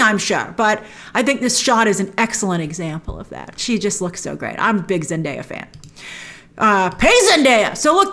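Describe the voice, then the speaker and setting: A woman hosting a trailer breakdown, chatty and opinionated, with excited asides. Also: fairly high pitch. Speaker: host.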